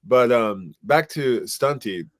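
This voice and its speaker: A middle-aged man co-hosting a podcast, telling stories in a rambling, animated way with lots of fillers. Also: medium pitch, slow, no room sound, studio quality. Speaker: podcast co-host. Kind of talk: casual chat.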